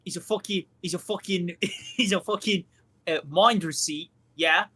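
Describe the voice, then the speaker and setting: Man doing a cheeky crude British bloke, exaggerated fake British accent, overdone slang, raised and bright. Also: high voice, unhurried, breathy edge, heavily acted. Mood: cheeky mock.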